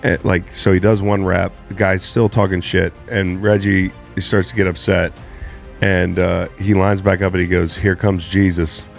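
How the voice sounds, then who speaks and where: Deep, gravelly man in loose banter. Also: little pitch movement, normal speed, faint music behind. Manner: loose, profane, laughing through the story. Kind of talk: casual podcast chat.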